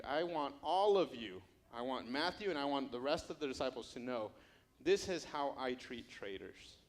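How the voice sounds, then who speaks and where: A preacher playing Jesus in a sermon scene: earnest teacher, repeated searching questions, mid pitch. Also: male voice, natural voice. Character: Jesus, earnest teacher pleading with his disciple.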